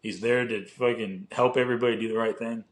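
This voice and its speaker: A man's voice: mid-range voice, steady tone, quick pace. A young man co-hosting a podcast in casual chat, rambling with lots of filler words and casual swearing. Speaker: podcast co-host.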